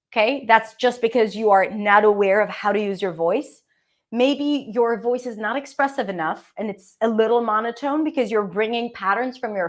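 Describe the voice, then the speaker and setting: An Israeli-accented woman, a native Hebrew speaker, walks learners through English pronunciation and fluency. Her voice sits a little high, and she keeps checking in with "okay?" and "right?" as she explains. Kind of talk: teaching presentation.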